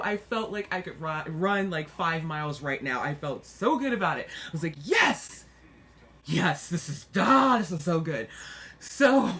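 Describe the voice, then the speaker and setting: A young woman talking casually to camera in a vlog, animated and excitable, often laughing and jumping up high, with a self-deprecating, dark sense of humor. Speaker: vlogger.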